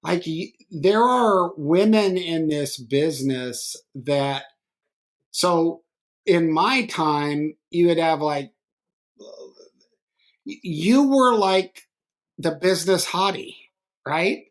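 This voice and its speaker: A middle-aged man hosting a podcast interview, telling stories in a rambling, animated way full of restarts. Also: a little high, slow pace, pauses often. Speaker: podcast host. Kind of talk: conversational interview.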